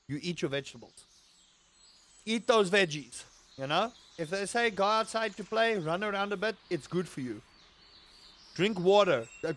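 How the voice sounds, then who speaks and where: Casually hosting a livestream, a man reads chat aloud and responds with playful jokes and mock outrage. His voice sits high and has a fairly bright tone.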